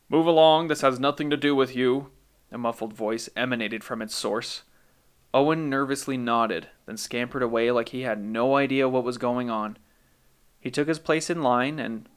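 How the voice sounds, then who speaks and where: A man hosting a podcast and narrating a scripted story in a calm, measured way. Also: medium pitch, clean tone.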